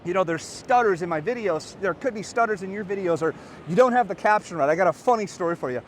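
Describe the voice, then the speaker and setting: A man in his thirties, a podcast host and coach, giving an energetic, earnest motivational talk to camera outdoors by a beach. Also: high-pitched, fast talker, a little hiss or hum. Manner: energetic, animated and earnest, rising to excited peaks.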